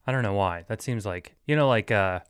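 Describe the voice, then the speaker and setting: Laid-back rambling man with a smooth, low voice. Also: a little fast, dry recording, studio quality. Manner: rambling, filler-heavy, laughs at his own jokes; joking, mock-serious asides. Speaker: podcast host. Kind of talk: solo casual podcast rambling.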